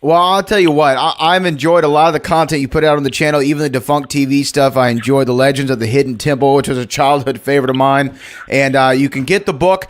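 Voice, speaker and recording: A man's voice: mid-range voice, fairly even intonation, quick pace, hardly any pauses. A man hosting a podcast interview, friendly as he plugs his guest's work. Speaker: podcast host. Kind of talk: casual interview talk.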